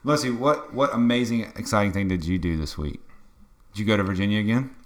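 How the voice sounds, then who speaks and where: A man's voice: on the low side, fast talker. A man co-hosting a podcast who jokes and teases in casual chat. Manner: jokey, teasing. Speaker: podcast co-host.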